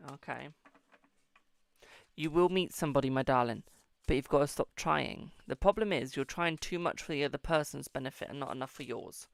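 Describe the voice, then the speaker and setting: Chatty British man with a gravelly voice. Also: fairly high pitch, a bit bright, no room sound, clean studio sound. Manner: chatty, affectionate, calls viewers darling and boo. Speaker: tarot reader hosting a live stream. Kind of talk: live-stream tarot reading.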